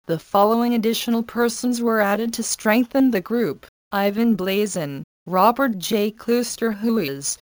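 A woman reading a church committee report aloud in a measured, even way. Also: mid-range voice, no room sound. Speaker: reader.

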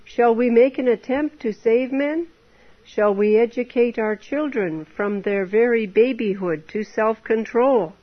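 A woman's voice: a little high, measured pace. A woman preaching an earnest temperance sermon, exhorting her listeners with many rhetorical questions. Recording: dull lo-fi recording.

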